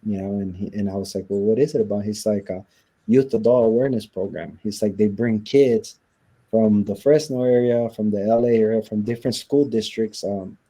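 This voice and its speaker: Husky man, mellow low voice, retelling his past in a sit-down interview, quoting others as he goes. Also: steady tone, brisk. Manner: recounts events by acting out quoted dialogue. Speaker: interview guest.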